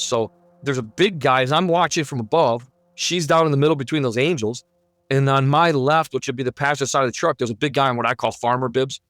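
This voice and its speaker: A man's voice: medium pitch, fairly bright tone, no room sound, clean studio sound. A man telling his own near-death story in an earnest, vivid and emphatic way. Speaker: guest sharing a near-death testimony. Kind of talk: personal testimony storytelling.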